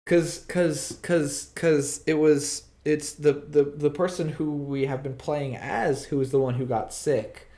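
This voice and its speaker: A man co-hosting a casual game stream, laid-back and laughing often with halting restarts. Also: mid-range voice, darkish tone. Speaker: streamer, co-host. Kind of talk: casual gameplay chat.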